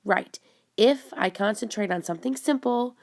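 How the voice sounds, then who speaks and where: A woman's voice: mid-range voice, normal speed, gravelly, darkish tone, lightly acted. A woman voicing a nervous young princess who does magic, anxious and apologetic.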